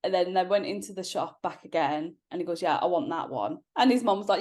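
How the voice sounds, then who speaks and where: A woman's voice: on the low side, animated, fairly quick, darkish tone. A woman, a podcast guest chatting casually and telling stories with frequent laughs. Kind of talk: casual chat.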